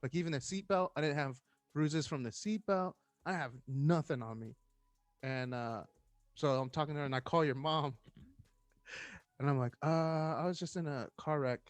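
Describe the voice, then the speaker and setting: A man's voice: on the high side, moderate pace, dry recording, soft background music. A man in his thirties, a firefighter guest, telling a story in casual chat and acting out the voices of the people in it.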